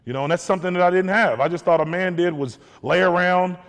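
A man's voice: high-pitched, quick pace. Earnest man speaking in an echoing hall. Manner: candid, earnest, repeats words as he searches. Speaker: guest speaker. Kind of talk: testimony talk. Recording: long hall reverb.

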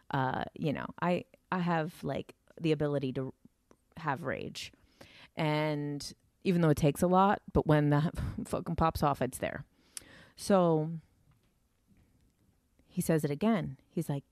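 A woman's voice: deep voice, darkish tone, no room sound, clean studio sound. A woman telling a personal story in a casual way, with many fillers and some swearing. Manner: filler-heavy, swears, vivid retelling. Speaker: storyteller recounting an encounter.

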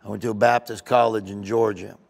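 A man, a comedian being interviewed, telling casual rambling anecdotes in an animated way. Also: on the low side, fairly quick, creaky. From United States. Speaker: comedian guest.

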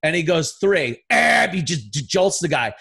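A middle-aged man, a podcast guest, in a casual chat, talking bluntly with lots of swearing and animated storytelling. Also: on the high side, moderate pace, gravelly, slightly rough. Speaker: podcast guest, radio host.

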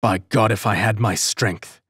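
A man's voice: lowish voice, a little slow, darkish tone, no echo, studio quality, close to an everyday voice. A man voicing a crippled former soldier father who talks in a grim, gritted mutter, in a storybook reading.

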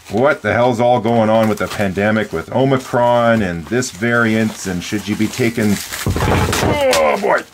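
A man from British Columbia, hosting a casual, rambling unboxing vlog in a playful, jokey way. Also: lowish voice. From British Columbia, Canada. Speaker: fountain pen channel host.

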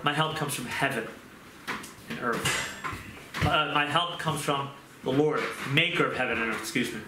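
A man preaching a sermon to a small group in an earnest, conversational way, with quick asides and questions to his listeners. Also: mid-range voice. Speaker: pastor. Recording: echoey room with background noise.

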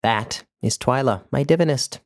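A man voicing an imperious, theatrical older woman who barks orders in a shrill, commanding voice. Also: moderate pace, natural voice. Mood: haughty. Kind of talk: audiobook character voice.

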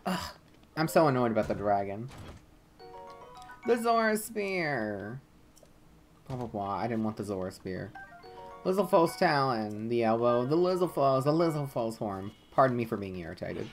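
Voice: mid-range voice, animated, brisk, darkish tone, faint music behind. A let's play gamer giving casual gameplay commentary, swearing often and muttering irritably at the game.

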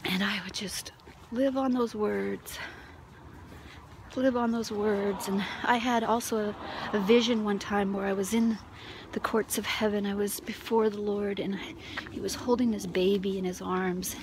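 Woman telling her testimony real slow, laughs and whispers a lot, noisy background. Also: mid-range voice, fairly even intonation. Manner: tearful, laughing, drops to whispers. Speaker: Christian testimony speaker. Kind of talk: emotional personal testimony.

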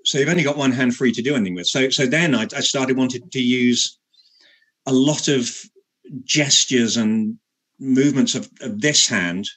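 A man, an actor being interviewed, telling a self-mocking anecdote in halting speech with many repeated words and frequent laughter. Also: medium pitch, a bit bright.

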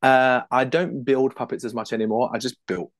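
A British man talking as a puppeteer guest in a casual interview. He is animated, laughs often and restarts his sentences quickly. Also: mid-range voice, no echo. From United Kingdom.

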